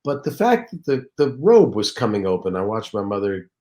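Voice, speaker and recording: Low-voiced man telling stories. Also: normal speed. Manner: animated anecdotal storyteller. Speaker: guest, comedian and voice actor. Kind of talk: casual interview storytelling.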